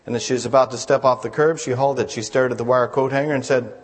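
Folksy pastor in a reverberant hall. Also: male voice, medium pitch, fairly even intonation, fast talker. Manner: folksy storytelling, reads jokes aloud. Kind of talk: sermon.

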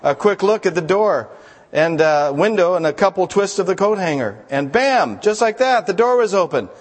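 A man's voice: high voice, lively intonation, normal speed. A man preaching a sermon as a pastor, telling jokes to the congregation in a folksy storytelling manner. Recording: long hall reverb.

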